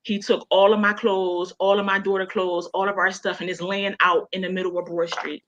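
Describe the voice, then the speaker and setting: A woman's voice: medium pitch, flat delivery, fairly quick, heavy background noise. Emotional woman telling her story, lo-fi. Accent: Baltimore. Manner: emotional, conversational, many fillers like "you know". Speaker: guest. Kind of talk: personal storytelling in a radio interview. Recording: dull lo-fi sound.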